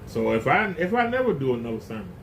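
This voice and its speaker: A man's voice: medium pitch, sing-song, fast, slight background noise. A man preaching a casual sermon in a blunt, emphatic, folksy way.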